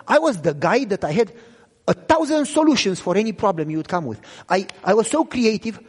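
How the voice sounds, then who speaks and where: A man's voice: sits high, very animated, fairly quick, husky, long reverb tail. A man preaching a sermon in English, a second language for him, earnestly sharing his own testimony and often asking listeners whether they follow him. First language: not English. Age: adult with children.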